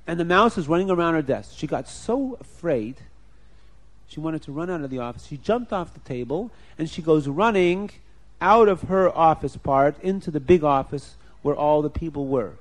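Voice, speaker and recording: Animated male storyteller, slightly high voice. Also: moderate pace. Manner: animated, questions the listeners, acts out scenes. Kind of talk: storytelling to children with a moral lesson.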